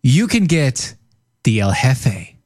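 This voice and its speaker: A man co-hosting a casual podcast, teasing his partner and pitching products playfully. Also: very animated, takes it slowly, a little mellow, no echo, clean studio sound. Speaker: co-host.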